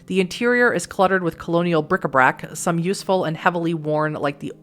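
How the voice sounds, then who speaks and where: A woman's voice: on the low side, fairly quick. A woman from Massachusetts hosting a let's play, reading a text game aloud with chatty asides and frequent laughs.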